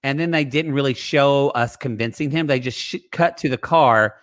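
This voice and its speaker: A man's voice: mid-range voice, normal speed. A man on a podcast, tossing off wry quips and asides in casual chat. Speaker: podcast co-host.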